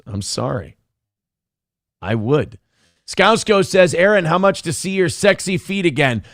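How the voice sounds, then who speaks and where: A man's voice: on the high side, vocal fry, no echo, clean studio sound. A man hosting a live show, reading out chat messages with crude, self-mocking jokes and rambling asides. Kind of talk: casual live-stream chat.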